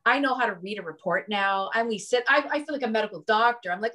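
A woman's voice: fairly high pitch, fast talker, fairly bright tone. Chatty woman telling her story. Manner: chatty, keeps asking "right?" and "you know". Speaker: guest. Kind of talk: casual interview storytelling.

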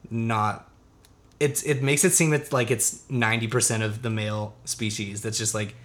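A man's voice: lowish voice, steady tone, moderate pace, a bit bright, a little hiss or hum. Casual male podcast co-host, loose and rambling, laughs a lot, curses freely. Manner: laid-back, rambling, laughs often, swears freely. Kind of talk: casual chat.

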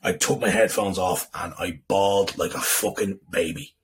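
A man's voice: low-pitched, fairly even intonation, normal speed, slightly rough, poor audio. A young man telling an emotional personal story on a podcast, emphatic, swearing and repeating himself. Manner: emphatic, profane, repetitive. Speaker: guest.

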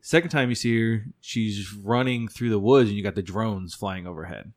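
Low-voiced man podcast co-host. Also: normal speed. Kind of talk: casual chat.

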